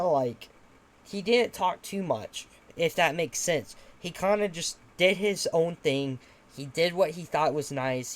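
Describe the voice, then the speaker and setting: Rambling young man hosting a podcast. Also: mid-range voice. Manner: rambling, swears casually, many fillers. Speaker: podcast host. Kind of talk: casual podcast chat.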